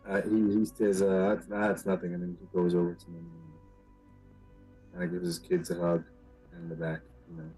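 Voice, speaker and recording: Brief: man, very low voice, casual and halting player talk, faint music behind. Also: lively intonation, warm tone, low-quality recording. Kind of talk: casual tabletop play.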